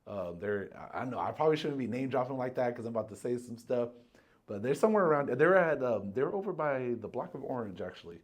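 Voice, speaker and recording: A man's voice: mid-range voice, quick pace. A man co-hosting a podcast, telling a work story in casual chat and acting out the people he quotes. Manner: animated, acts out quoted voices, swears freely. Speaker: podcast co-host.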